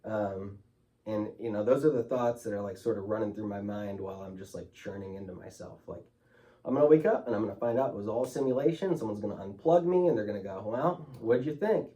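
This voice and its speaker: A man's voice: lowish voice, quick pace, warm tone, distant mic. A man speaking as a guest in an interview, telling his story candidly and emotionally, loose with fillers like "like" and "you know".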